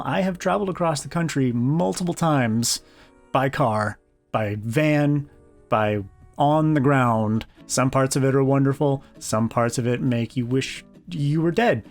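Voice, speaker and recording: Joking man chatting to camera over guitar. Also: mid-range voice. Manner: jokey, rambling, self-deprecating asides. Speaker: vlogger. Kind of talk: casual to-camera vlog.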